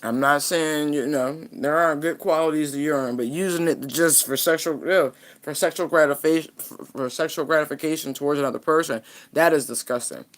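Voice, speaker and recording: A woman's voice: low voice, a little fast. A woman giving a casual tarot reading, talking bluntly and frankly and laughing often. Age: adult parent. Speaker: tarot reader.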